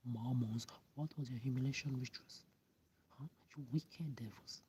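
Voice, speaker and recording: A man's voice: mid-range voice, moderate pace, poor audio. A man, ranting bitterly at the camera and often dropping into a hissed whisper. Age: 30s. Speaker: vlogger. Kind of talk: angry monologue to camera. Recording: steady background noise.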